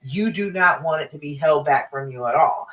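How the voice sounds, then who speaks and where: A woman's voice: low voice, normal speed, low-quality recording. A woman, giving a love coach's live-stream talk in an encouraging, emphatic way that speaks straight to the listener. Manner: encouraging, emphatic, direct address.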